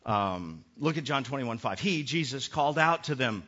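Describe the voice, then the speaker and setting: A middle-aged man preaching a sermon as pastor, animated and acting out the voices he quotes. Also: medium pitch, moderate pace, few pauses. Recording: muffled lo-fi sermon recording.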